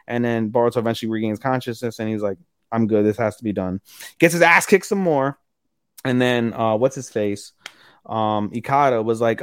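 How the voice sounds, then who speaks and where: A man co-hosting a podcast in casual chat, recapping plots with lively retellings and plenty of swearing. His voice sits at an ordinary middle pitch. The sound is close and dry, with no room echo. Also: a little fast, clean tone. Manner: animated retelling, acting out characters' lines with profanity. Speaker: podcast co-host.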